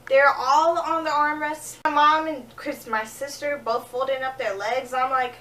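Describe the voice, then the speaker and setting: A young woman telling comic travel stories in a vlog, acting out scenes, a little jet-lagged and low on energy. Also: a little slow, recorded from a distance, a little hiss or hum. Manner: animated, acting out scenes with quoted voices. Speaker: vlogger. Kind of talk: comedic storytelling vlog.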